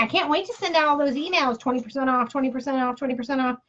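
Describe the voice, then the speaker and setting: A woman's voice: very high-pitched, steady tone, fairly quick, few pauses, noisy background. A woman hosting a casual live giveaway stream, chatty and playful with jokey asides. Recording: dull lo-fi live-stream audio.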